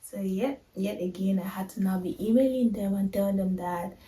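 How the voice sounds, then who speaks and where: A woman's voice: medium pitch, steady tone, moderate pace, mellow, reverberant, recorded from a distance, poor audio. A young woman telling her own story in a personal vlog, emotional and confiding, often turning to her viewers as if talking to friends. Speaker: vlogger.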